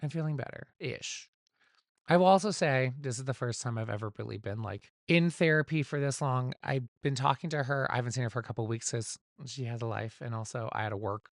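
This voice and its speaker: This man's mid-range voice moves at a brisk clip on his solo podcast, recorded at home with a dry, clean studio sound. He chats without a script, candid and rambling, with casual swearing.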